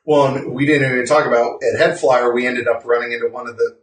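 A man's voice: mid-range voice, level tone, fast talker, far from the mic. A man co-hosting a podcast in casual chat, rambling, self-correcting, and laughing often. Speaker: podcast co-host. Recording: roomy sound from off-mic.

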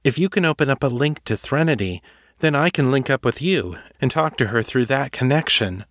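Give me a man voicing a gentle, quick-talking young woman telepath. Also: medium pitch, animated, dry recording, clean studio sound, voice pushed up, close to an everyday voice. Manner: brisk, gentle and coaxing.

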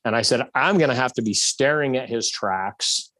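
Animated man telling a hunting story. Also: mid-range voice, normal speed, no room sound. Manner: animated storyteller, acts out shots and dialogue. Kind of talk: casual storytelling.

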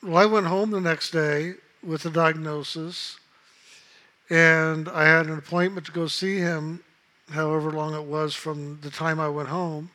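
In casual spoken storytelling, a man shares a personal story in a calm, unhurried, reflective manner, acting out the voices of others in it. His pitch is fairly high.

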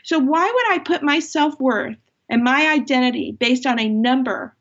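Woman, middle-aged, author guest, husky, emphatic, muffled lo-fi audio. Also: sits high, lively intonation, normal speed, a bit bright. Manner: earnest, impassioned, emphatic. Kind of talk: faith-based podcast conversation. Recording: dull lo-fi sound.

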